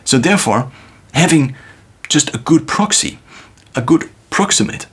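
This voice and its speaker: A man thinking aloud in a reflective solo monologue, musing with pauses and restarts, recorded on a phone. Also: fairly high pitch, animated, a bit bright, husky. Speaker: video creator.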